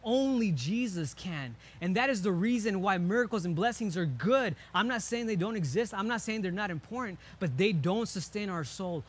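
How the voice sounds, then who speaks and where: A young man preaching a sermon as pastor, earnest, slowing down for emphasis and dropping soft on key lines. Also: high-pitched, expressive, slightly rough. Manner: earnest, with slow emphatic pauses and soft drops.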